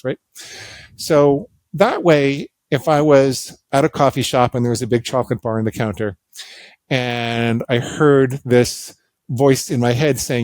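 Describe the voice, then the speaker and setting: A man's voice: medium pitch, a little slow, no room sound. Dry-sounding man telling stories animatedly. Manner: animated, self-deprecating humor, acts out quoted voices. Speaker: podcast guest, psychologist. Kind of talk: conversational storytelling interview.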